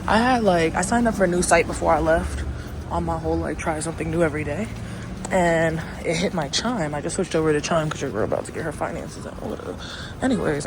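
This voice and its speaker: A woman from the United States vlogging in a casual, chatty way, talking straight to the camera with slang and laughs. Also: fairly low pitch. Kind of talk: casual vlog. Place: outdoors on city streets and in shops. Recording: phone audio with street noise.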